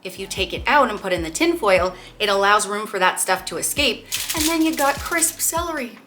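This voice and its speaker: A woman's voice: mid-range voice, lively intonation, fairly quick, background noise. A woman in her thirties hosting a casual food vlog, chatty and upbeat as she walks through her meals. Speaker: vlog host.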